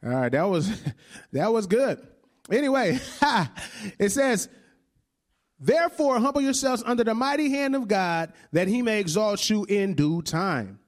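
A man's voice: high voice, animated, unhurried. A male preacher in his thirties giving a conversational sermon, often checking in with "right?" and laughing along with the congregation.

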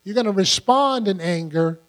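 A man's voice: high-pitched, expressive, moderate pace. An older man preaching a sermon in a conversational way, often putting questions to his listeners. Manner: conversational, asks the congregation questions. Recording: long hall reverb with mains hum.

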